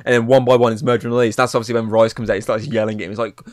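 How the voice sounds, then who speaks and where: A man's voice: medium pitch, little pitch movement, racing, darkish tone, no echo, studio quality. A young man, chatting casually through a film recap, rambling and swearing, with "obviously" in nearly every sentence. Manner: rambling, says "obviously" constantly, swears freely. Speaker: podcast co-host. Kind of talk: casual film review chat.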